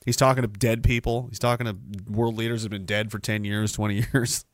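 A man's voice: on the low side, little pitch movement, fairly quick, no room sound, clean studio sound. A man from Canada hosting a livestream podcast, ranting in a sarcastic, scornful way. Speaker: podcast host.

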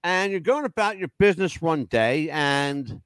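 A man hosting a casual talk show, telling stories in an animated way and swearing freely. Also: on the high side, moderate pace, dry recording, clean studio sound. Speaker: show host.

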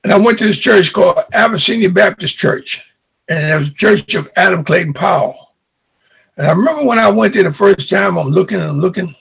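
An older man from New York recounting childhood memories as an interviewee, an animated storyteller who acts out remembered dialogue. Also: high voice, brisk, gravelly, husky.

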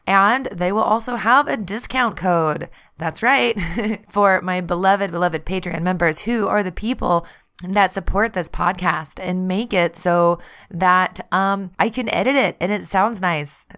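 A woman's voice: medium pitch, clear, resonant tone. A woman hosting a podcast as a tarot reader, talking in a chatty, friendly way with frequent laughs. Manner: chatty and warm-hearted, laughs often, says "y'all". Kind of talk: casual podcast monologue.

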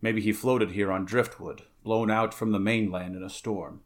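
A man's voice: fairly low pitch, steady tone, moderate pace, close to an everyday voice. A man voicing a weary, blunt barbarian warrior in a read-aloud story, grunting his lines. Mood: gruff.

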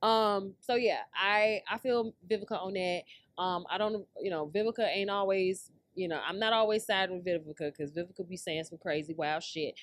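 A woman hosts a pop-culture talk show, ranting in blunt, profane bursts. Her voice sits at an ordinary middle pitch. The sound is dry and close, with no room around it. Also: moderate pace, no room sound. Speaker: podcast host. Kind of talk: casual pop-culture commentary.

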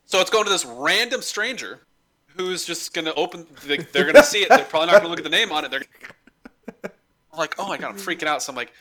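A man's voice: on the high side, expressive, fast, bright, forceful tone. A young man in casual chat, animatedly telling a comic story, acting out the quotes and swearing freely.

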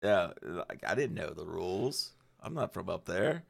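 A man's voice: low voice, big pitch swings, a little slow, vocal fry. A middle-aged man, a guest musician, rambling through stories in casual podcast chat and swearing freely.

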